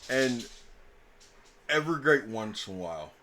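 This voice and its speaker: Rambling, animated man running the game. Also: mid-range voice, a little slow, a little hiss or hum. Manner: rambling storyteller with many fillers. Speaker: game master. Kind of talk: casual table chat between game sessions.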